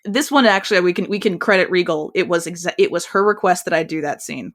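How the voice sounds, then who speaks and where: A woman co-hosting a chatty podcast, her voice sitting a little low. She rambles with animated energy, often breaking off and restarting her sentences. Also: quick pace. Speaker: podcast co-host. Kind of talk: casual chat.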